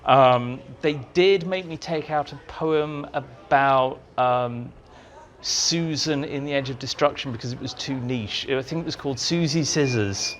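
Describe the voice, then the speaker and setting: A man telling lively anecdotes as an interview guest, acting out the dialogue in his stories, in a meeting room with an audience. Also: mid-range voice, a little slow. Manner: animated storyteller, acts out dialogue. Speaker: interviewee, writer.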